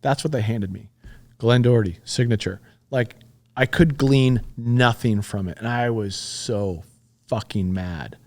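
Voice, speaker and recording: A man's voice: medium pitch, unhurried. Blunt, profane man telling a story. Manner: blunt and profane, retelling events with heat. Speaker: podcast guest. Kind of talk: conversational storytelling.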